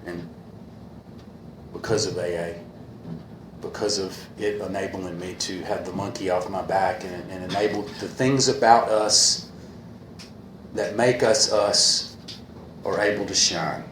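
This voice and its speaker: Man, meeting speaker, low voice, sincere and halting, echoey hall recording. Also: fairly even intonation. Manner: earnest, repeats a refrain, halting with fillers. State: a little emotional. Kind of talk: personal talk at a meeting. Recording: echoey room with faint hiss.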